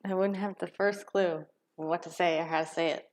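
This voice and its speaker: A woman's voice: fairly low pitch, steady tone, moderate pace, heavy background noise. A woman co-hosting a live stream, chatting casually in a bashful, giggly way. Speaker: co-host of a live cooking stream.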